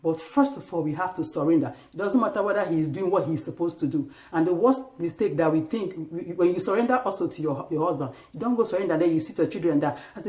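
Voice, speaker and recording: In an echoey room, a Christian marriage advice vlogger with a fairly low voice speaks fast with few pauses. She earnestly exhorts wives with faith-based advice, acting out little home scenes punctuated by sharp, raised outbursts.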